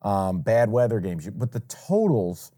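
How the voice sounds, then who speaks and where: A man's voice: fairly low pitch, very animated, mellow. A man co-hosting a sports betting podcast, talking casually and emphatically, often restarting his sentences. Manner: emphatic, opinionated, quick restarts.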